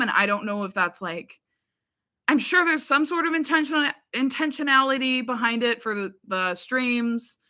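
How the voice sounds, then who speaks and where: A woman's voice: a little high, bright, forceful tone. A young woman and YouTube reaction creator chatting casually with viewers in a live chat. She rambles, uses many fillers and laughs often.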